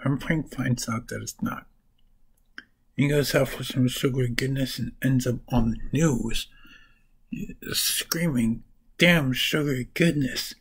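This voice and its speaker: Guy slowly going over comics he read, husky voice, kinda rambly. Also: mid-range voice, low-quality recording. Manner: rambling, restarts and corrects names while summarizing. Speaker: comic book reviewer. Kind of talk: casual comic review vlog.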